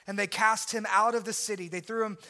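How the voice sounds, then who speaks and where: A man preaching a sermon as pastor, impassioned and at times shouting. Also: high voice, fairly even intonation, brisk.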